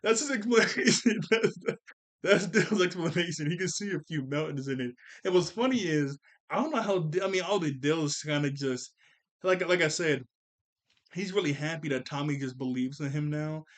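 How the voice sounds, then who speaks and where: Chatty man recapping a cartoon, slightly high. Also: moderate pace. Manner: chatty, laughs often, corrects himself mid-sentence. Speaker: cartoon episode reviewer. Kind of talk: casual recap and commentary.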